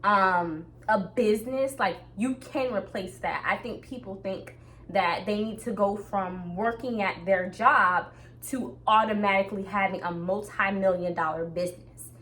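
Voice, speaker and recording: A woman's voice: medium pitch, unhurried, fairly bright tone. A young adult woman talking casually to her viewers in an upbeat, motivational way, often laughing. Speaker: vlogger. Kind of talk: casual talk to camera.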